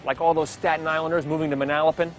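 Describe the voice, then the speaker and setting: A male host narrating a local news feature and chatting with people on the street, upbeat and lively. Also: fairly high pitch, very fast, highs cut off, faint music behind.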